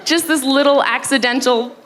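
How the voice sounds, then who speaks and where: A woman's voice: sits high, moderate pace. A young woman doing a stand-up set on stage, telling stories with giggles and mouth sound effects. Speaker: stand-up comedian. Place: comedy festival stage before a live audience. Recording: live stage recording with crowd laughter and noise.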